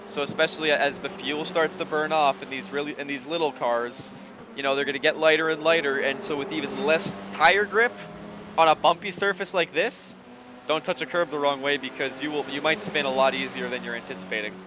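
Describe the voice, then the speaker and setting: A man doing live sim racing commentary, excitable and getting loud in close battles. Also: a little high, fairly quick, background noise. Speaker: race commentator.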